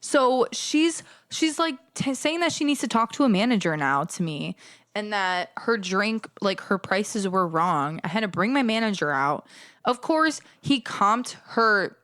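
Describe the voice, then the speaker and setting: A young adult woman hosting a podcast, casually telling a story about working as a bartender, animated and swearing as she acts out both sides of the exchange. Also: mid-range voice, unhurried, dry recording, clean studio sound. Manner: animated, acts out customers and herself in quoted dialogue, swears. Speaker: podcast host.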